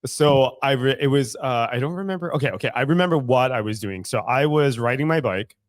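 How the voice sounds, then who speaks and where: A man guest co-hosting a podcast tells a story candidly in casual chat, swearing freely and laughing often, at a medium pitch and fairly quick pace. The setting is a room at a recovery club, recorded at studio quality with no echo.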